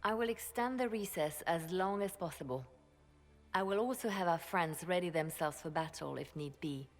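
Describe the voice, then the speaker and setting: A woman plays a composed female spymaster in a fantasy video game, speaking in a measured, grave way. Her voice is a little lower than usual for a woman, and her tone stays calm and resolute. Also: close to an everyday voice. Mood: assured.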